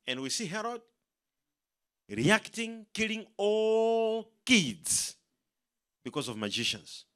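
A man preaching a sermon, emphatic and animated, leading the congregation in call-and-response. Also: sits high, takes it slowly, clean tone. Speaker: pastor.

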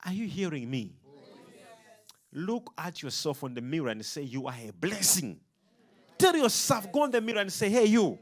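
A man's voice: high-pitched, very animated, moderate pace. A man preaching a sermon, emphatic and rhythmic, throwing questions out to his congregation.

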